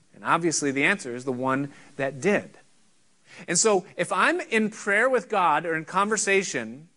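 A middle-aged pastor delivers a sermon in an earnest, conversational teaching manner, often pausing. His voice is fairly high for a man and sounds bright and forceful.

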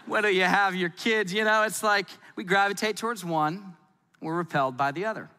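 Man, pastor, high bright voice, playful conversational sermon, long hall reverb. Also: fairly quick. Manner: lively, playful, conversational preaching.

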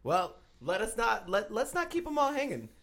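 A male podcast co-host who teases and jokes in casual chat. His voice is high with a gravelly fry. He prods the others along. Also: wildly swooping pitch, normal speed, fairly bright tone. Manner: teasing, joking.

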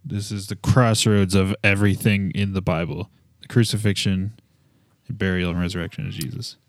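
A man's voice: sits low, fairly even intonation, fairly quick, no echo, studio quality. A man co-hosting a casual Bible study podcast, chatty, jumping in with asides and fun facts. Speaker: podcast co-host.

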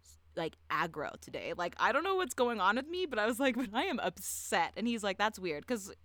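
A young woman co-hosting a podcast, telling a story in a chatty, profane way, full of "like" and quick laughs. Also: mid-range voice, sing-song, a bit bright, no echo. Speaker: podcast co-host. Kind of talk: casual chat.

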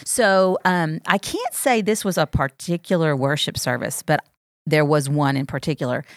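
A woman pastor with a fairly low voice shares personal faith stories in relaxed podcast conversation. Her delivery is heartfelt and lifts when she is moved. The sound is close and dry. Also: moderate pace, dry recording. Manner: heartfelt storytelling, grows animated when moved.

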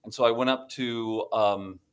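A man from Ohio, a podcast guest, relaxed and matter-of-fact with dry self-deprecating humor. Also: fairly low pitch, measured pace, clear, resonant tone. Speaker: guest, worldview center director. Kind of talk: podcast interview.

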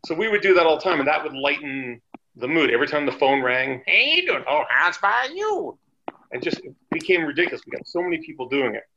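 A man, a former wrestler, telling chatty, animated anecdotes as a guest on a podcast interview. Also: a little high, fast talker, highs cut off, slight background noise. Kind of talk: casual storytelling interview.

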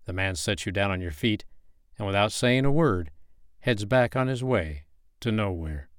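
A man narrates a second-person story in a low, even voice. His telling is matter-of-fact and unhurried. The sound is close and dry, with no room echo. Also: clear, resonant tone.

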